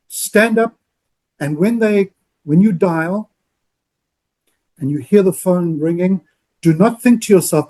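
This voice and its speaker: A man's voice: high voice, slow, long pauses. A man co-hosting a podcast, coaching with energy and acting out sample phone calls. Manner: animated, acts out phone calls in other voices. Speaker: podcast co-host, loan officer.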